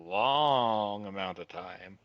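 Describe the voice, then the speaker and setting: A man's voice: fairly low pitch, slow, muffled recording. A man playing a tabletop game, talking in a laid-back, rambling way. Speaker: player. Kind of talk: in-character tabletop chat.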